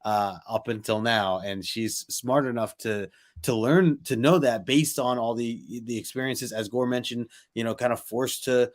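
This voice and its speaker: A man co-hosting a comics stream who speaks in a relaxed way, with many hesitations and fillers. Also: mid-range voice, measured pace. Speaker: co-host. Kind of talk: casual comic book discussion.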